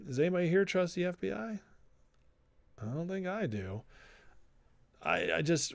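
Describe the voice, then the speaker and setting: A man's voice: fairly high pitch, no echo. A man hosting a casual political livestream, talking loosely and reading viewer comments aloud. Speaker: livestream host.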